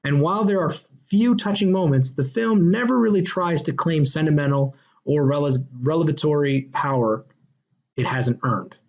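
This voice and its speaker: A man's voice: on the high side, moderate pace, dull audio. A man hosting a podcast, chatting casually about a movie and acting out scenes with quoted lines. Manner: animated, retells scenes with acted quotes. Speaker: podcast host. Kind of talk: casual movie review chat.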